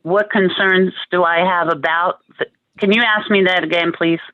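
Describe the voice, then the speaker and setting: A woman's voice: on the low side, steady tone, normal speed, dry recording. A woman testifying as a witness at a court hearing over a video call, giving careful, brief answers. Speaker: witness, visit supervisor. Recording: dull dry video-call audio.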